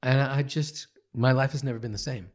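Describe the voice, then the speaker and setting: A man guest on a podcast, telling a personal story in an earnest, halting way with many fillers and restarts. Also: medium pitch. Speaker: guest, meditation teacher. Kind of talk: reflective storytelling. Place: podcast studio.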